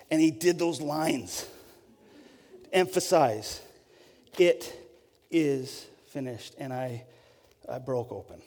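A man preaches a personal story with candid, self-deprecating honesty, slipping into quick acted asides. His voice is somewhat high yet mellow. It rings out with a long reverb, as in a big hall. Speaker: pastor. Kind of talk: sermon storytelling.

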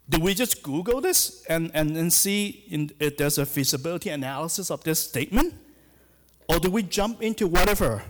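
A middle-aged man, a hospital chaplain giving a sermon in a church, speaking hesitantly with many fillers and restarts. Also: a little high. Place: church sanctuary. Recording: long hall reverb.

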